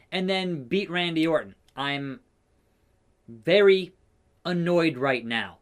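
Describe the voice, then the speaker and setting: A man doing excitable let's-play commentary over a wrestling video game, talking trash to his opponents. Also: sits high. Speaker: gaming YouTuber.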